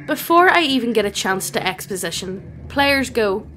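This fairly high, synthetic woman's voice moves at normal speed, with slight background noise and faint background music. It narrates a scripted tabletop gaming story. The reading is even, text-to-speech style, with no filler words.

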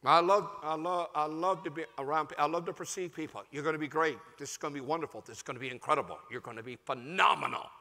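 A pastor preaches with a fervent, emphatic delivery that climbs into shouts. He has a high, bright, forceful voice that swings widely in pitch. The sound carries the long reverb of a large church hall. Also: fast, hardly any pauses. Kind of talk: sermon.

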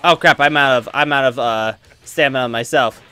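Bright excitable man narrating gameplay. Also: medium pitch, normal speed, clean tone, soft background music. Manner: excitable, trash-talks opponents while playing; rambling with many fillers. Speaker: gaming channel host. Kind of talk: let's play commentary.

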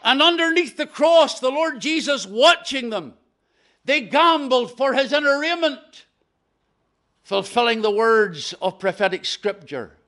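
Slow, high-voiced Northern Irish preacher. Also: male voice, lively intonation. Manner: slow, emphatic preaching with dramatic drops to a hush. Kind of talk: gospel hall sermon.

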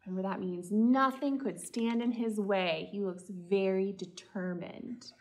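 A woman, a children's librarian, reading a picture book aloud and asking the children gentle questions. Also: medium pitch, steady tone, unhurried, few pauses. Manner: gentle, talks directly to children. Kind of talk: storytime read-aloud.

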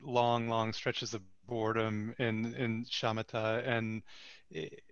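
A man on a video call sharing a meditation experience, halting and laughing a little between thoughts. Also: medium pitch, little pitch movement, clear, resonant tone, no room sound, lo-fi sound. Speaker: participant.

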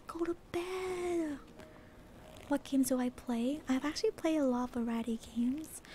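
A female livestreamer chatting in whispered role-play, soft and bubbly, at home at night. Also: on the high side, slight background noise.

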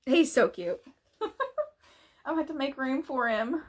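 High-voiced, gushing woman vlogger. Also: measured pace. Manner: gushing, excited, laughs often. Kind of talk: casual unboxing vlog.

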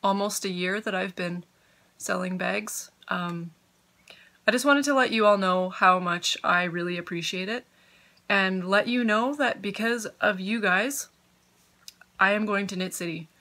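A woman's voice: mid-range voice, a little slow, pushed and bright. A woman hosting a podcast from home, chatting casually and giggling as she gets sidetracked. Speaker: podcast host. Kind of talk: casual chat.

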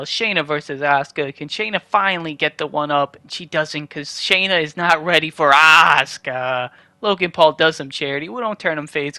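A young man casually recapping a wrestling video game in quick play-by-play with dry asides. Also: on the high side, bright, forceful tone, no room sound. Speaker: gaming channel host.

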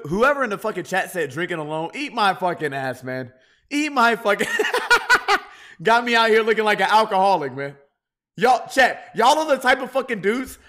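A man's voice: high voice, pushed and bright. A man streaming a game, tipsy from drinking and talking to his chat in a rowdy, profane way. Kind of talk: casual gaming livestream chat.

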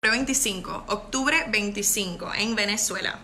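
A bright, mid-range female voice with a forceful tone and slight background noise. She's a pageant contestant from Puerto Rico in her 20s, chatting effusively with viewers on a live stream. Bubbly and gushing, she's quick to thank people and to laugh.

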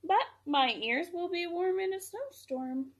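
A woman's voice: very high voice, lively intonation, a little slow, voice pushed up. A woman doing a touchy little hedgehog. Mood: defensive.

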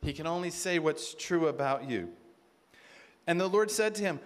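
A man giving a sermon at a conference, animated, acting out quoted voices and asking the crowd rhetorical questions. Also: on the high side, normal speed, long pauses. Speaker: conference speaker.

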